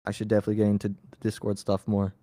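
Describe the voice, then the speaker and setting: A man's voice: fairly low pitch, monotone, racing, dark tone, no echo. A young man from Toronto, a guest rapper on a casual podcast call, easygoing and a little hesitant as he talks. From Canada, Toronto. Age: young adult. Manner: easygoing, laid-back, a bit hesitant.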